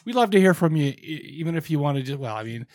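A man hosts a podcast in a loose, rambling way and talks his way around his points. His voice sits somewhat high, and the sound is dry and close to the mic. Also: big pitch swings, fast, a little mellow, no room sound. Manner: rambling, laid-back, with lots of fillers and restarts. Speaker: podcast co-host. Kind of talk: casual chat.

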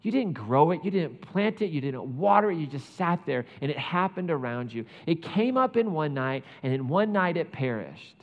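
A man preaching a sermon, retelling a Bible story with lively asides and playing out the characters' lines. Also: a little high, moderate pace, hardly any pauses, long reverb tail, highs cut off. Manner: animated storytelling, acts out biblical characters. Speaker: pastor.

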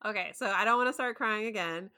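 A woman's voice: mid-range voice, fast talker, bright, forceful tone, dry recording, studio quality. A woman co-hosting a casual chat, giggly and exclaiming often. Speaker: podcast co-host.

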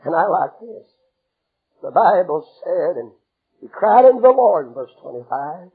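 A man preaching a sermon with fervent, dramatic storytelling that acts out the scenes and breaks into shouts. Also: high-pitched, big pitch swings, normal speed, breathy edge, phone-quality sound.

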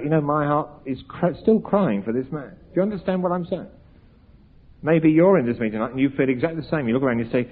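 A man's voice: mid-range voice, lively intonation, quick pace. A man preaching an evangelistic sermon, earnest and pleading, pressing his listeners with questions. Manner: earnest, pleading, rising to emphatic peaks. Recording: tinny, phone-like lo-fi recording.

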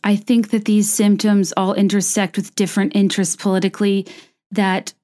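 A young woman giving a personal monologue to camera, earnest and impassioned, often halting and restarting mid-thought. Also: medium pitch, little pitch movement, warm tone. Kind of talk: personal monologue to camera with a read-aloud passage.

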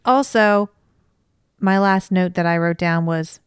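A woman's voice: lowish voice, slow pace, clean tone, no room sound, clean studio sound. A woman co-hosting a podcast, chatting casually and thoughtfully about a book she is reading. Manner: thoughtful, analytical, peppered with "you know". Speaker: podcast co-host; mother of school-age kids.

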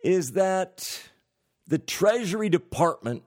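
Male host for a slow, deliberate commentary read, with dry sarcastic asides. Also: sits high, lively intonation, darkish tone. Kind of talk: political commentary monologue.

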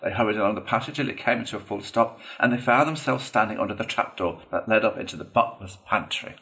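A man reads a classic storybook aloud with a somewhat low voice. His narration is expressive and steady, shaping each scene for the listener. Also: fast talker. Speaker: audiobook reader.

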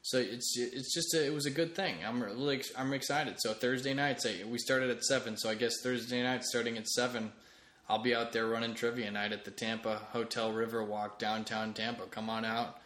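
A man's voice: medium pitch, steady tone, brisk, a bit bright. A man hosting a solo comedy podcast late at night, rambling casually with restarts. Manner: rambling, with frequent restarts and fillers. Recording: echoey room.

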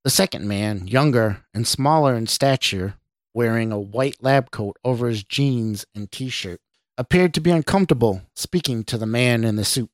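A male podcast host narrating his own written story in a steady, even reading. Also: fairly low pitch, moderate pace, no room sound, clean studio sound.

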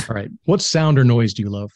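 A man hosting a podcast, asking interview questions in a brisk way with short affirmations. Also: medium pitch, animated, a little mellow, dry recording, studio quality. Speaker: podcast host.

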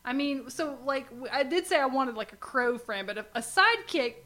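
A woman's voice: high voice, lively intonation, moderate pace, pushed and bright. A woman co-hosting a podcast, wry and teasing in casual chat. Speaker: podcast co-host.

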